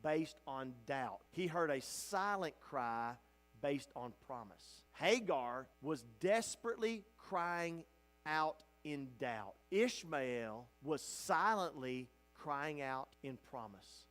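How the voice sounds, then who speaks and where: A male pastor teaching a Bible study in a church sanctuary. His voice sits high, and he preaches with fervor, crying out at the peaks and falling to a hushed, tender hush when he comforts. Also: animated, slow pace, soft background music. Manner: impassioned, swinging from loud cries to hushed, tender delivery.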